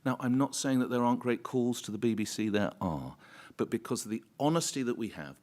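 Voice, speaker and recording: Male talk radio host, low and very animated, conference storyteller. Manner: animated storyteller, acts out quoted voices. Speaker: commercial talk radio presenter. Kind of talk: conference panel speech with anecdotes. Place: conference hall.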